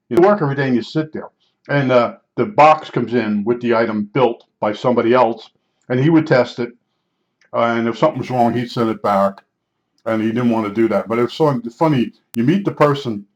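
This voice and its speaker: An older man from New Jersey telling a story about past jobs in a casual, rambling way, full of fillers and restarts. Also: medium pitch. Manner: rambling, repeats himself, many fillers. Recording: slightly dull lo-fi sound.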